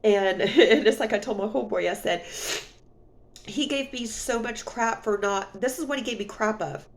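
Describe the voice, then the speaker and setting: A woman talks straight to camera in a casual storytime vlog, her voice gravelly with a lot of vocal fry. She rambles as she vents and fills her talk with "you know". She sounds sniffly, close to tears. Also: medium pitch, moderate pace. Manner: rambling, full of "you know", emotional venting. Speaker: vlogger.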